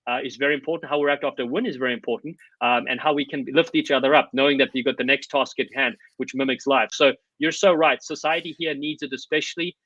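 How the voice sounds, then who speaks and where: A man's voice: medium pitch, fairly even intonation, fast talker, hardly any pauses, a bit bright, no room sound, dull audio. A South African man, a podcast guest, telling stories eagerly in a conversational interview with many fillers. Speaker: podcast guest, rugby commentator.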